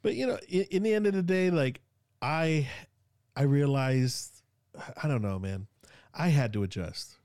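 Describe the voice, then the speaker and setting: In clean, dry studio sound, a Sacramento man with a Northern Californian accent chats casually at a measured pace. His voice is fairly high and a little mellow with lively intonation, and he rambles with plenty of fillers and slang.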